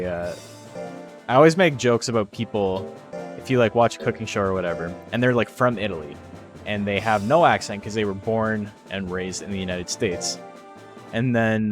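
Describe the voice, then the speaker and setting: A man with a fairly low voice commentates a game tournament stream in a loose, rambling way, cracking jokes and dropping curses as he talks. Faint music plays underneath. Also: moderate pace. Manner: rambling, joking, swears freely. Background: faint background music.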